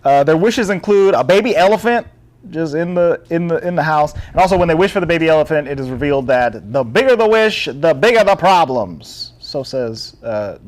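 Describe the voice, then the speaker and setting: A man co-hosting a casual podcast, recapping a film plot in a loose, rambling way. His voice sits a bit high for a man, and he keeps stopping for ums, restarts and laughs. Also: lively intonation, brisk. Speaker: podcast co-host. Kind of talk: casual chat.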